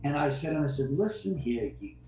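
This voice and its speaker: A man's voice: fairly high pitch, expressive, fairly quick, mellow. Blunt, heated man telling a story. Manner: blunt, heated storyteller who acts out quoted exchanges. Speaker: guest homeowner. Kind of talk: retelling a story in an interview. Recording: roomy, distant mic, faint music behind.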